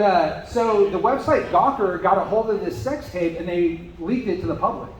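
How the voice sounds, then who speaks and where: Young man, stand-up comedian, high voice, crude, deadpan asides, echoey live room. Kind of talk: stand-up set. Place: brewery comedy night.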